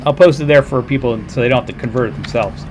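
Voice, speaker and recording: A man talks casually to his stream viewers from his computer. His commentary rambles, with fillers and side remarks, at an ordinary middle pitch. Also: quick pace, background noise. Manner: rambling, chatty, with fillers and asides. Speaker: livestream host reacting to a video.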